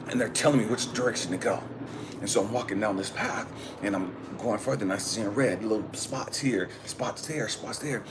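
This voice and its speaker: A man's voice: on the low side, brisk, slight background noise. Man telling an earnest spiritual story. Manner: earnest, emphatic, repeats phrases for emphasis. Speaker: spiritual coach and channel host.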